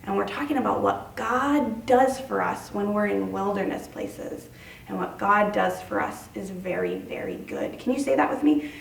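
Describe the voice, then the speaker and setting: A woman's voice: medium pitch, normal speed, creaky. Lady pastor talking to little kids all sing-songy, kinda far from the mic in a big echoey church. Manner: animated and sing-song, speaking to small children. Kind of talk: children's sermon.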